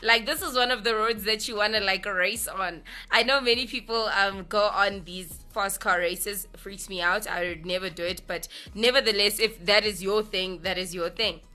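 A woman's voice: medium pitch, fairly even intonation, moderate pace, few pauses, bright, forceful tone, soft background music. A young South African woman with a South African accent hosting a radio show, chatty and informal, full of "like" and "listen". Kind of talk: casual radio chat.

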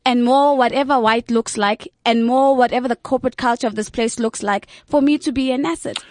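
A woman's voice: a little high, steady tone, fairly quick, a little mellow, no echo. Earnest woman, close and dry. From South Africa. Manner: earnest, building points in long lists. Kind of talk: discussion.

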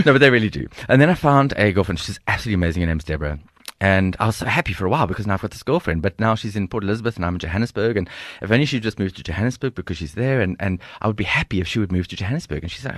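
A middle-aged South African man with a South African accent, a guest telling stories in an interview in an animated, humorous way. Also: fairly low pitch, very fast, hardly any pauses, dry recording, clean studio sound. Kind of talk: storytelling interview.

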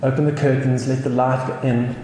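Mellow-voiced South African pastor. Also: male voice, mid-range voice, flat delivery, normal speed. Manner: storytelling with chuckles and restarts. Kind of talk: sermon. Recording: echoey hall with faint noise.

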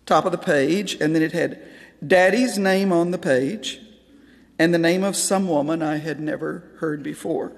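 A woman's voice: sits low, a little slow, vocal fry. Woman speaker telling a story, laughing asides, echoey big hall. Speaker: Christian speaker and author. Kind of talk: storytelling talk.

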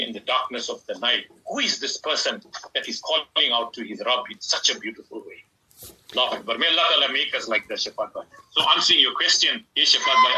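A man's voice: mid-range voice, pushed and bright, husky, poor audio. A man giving a devotional talk as an Islamic scholar guest on a radio program, speaking fervently and stretching words for emphasis.

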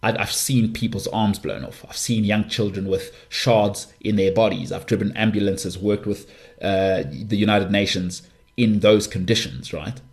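A man with a lowish voice holds forth as a podcast host. He speaks in an impassioned monologue, hammering points home with repeated phrases. His tone is earnest and forceful. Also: steady tone, unhurried. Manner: forceful, repetitive emphasis.

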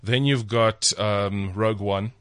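A man's voice: fairly low pitch, steady tone, takes it slowly, fairly bright tone, clean tone, no room sound. A South African man, a comedian and actor, chatting casually on a studio panel and explaining things at length with fillers.

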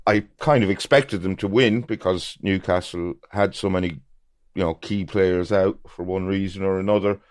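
A man giving measured football opinions on a podcast panel. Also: low-pitched, fairly even intonation, no echo, clean studio sound. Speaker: football pundit. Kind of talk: casual football chat.

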